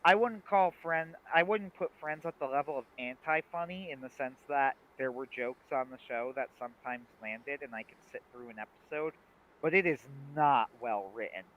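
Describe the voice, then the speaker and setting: A man co-hosting a livestream in casual chat, retelling scenes with lively acted-out quotes. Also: mid-range voice, normal speed. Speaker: livestream co-host. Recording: dull lo-fi stream audio.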